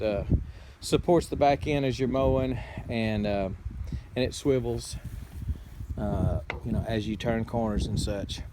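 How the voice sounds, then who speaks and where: Man from Texas, farm repair vlog host, plain and halting with "uh"s, mid pitch, faint outdoor noise. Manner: plainspoken, halting, many fillers and restarts. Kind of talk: casual how-to repair video.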